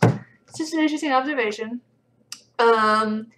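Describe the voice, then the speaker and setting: A woman's voice: mid-range voice, normal speed, fairly bright tone, rough recording. A young woman hosting a casual livestream, reading comments aloud with a dry, sarcastic edge.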